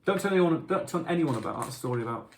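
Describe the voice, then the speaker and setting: A man's voice: on the high side, fast. Chatty man, echoey kitchen. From Yorkshire, England. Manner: chatty, self-deprecating, animated when telling stories. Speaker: musician answering fan questions. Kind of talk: casual anecdotal storytelling. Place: home kitchen.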